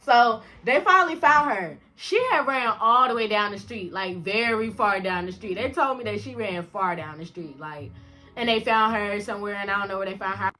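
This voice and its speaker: A young woman, an indie rapper, telling a profane, animated storytime about a bad night out. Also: mid-range voice, moderate pace, faint music behind. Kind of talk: casual storytime vlog.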